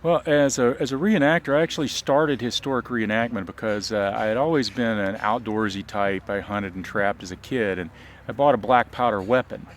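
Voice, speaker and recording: A reenactor and biology teacher from Southern Illinois chats casually in an outdoor interview. His lowish voice moves fairly quickly, relaxed but full of ums, uhs, and restarts, with a little hiss or hum in the background.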